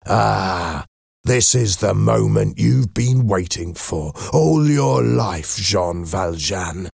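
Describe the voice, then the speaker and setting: Stern captive inspector, resigned, deep gravelly storybook voice read by a man. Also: lively intonation, a little slow, darkish tone, no echo, studio quality, full character voice.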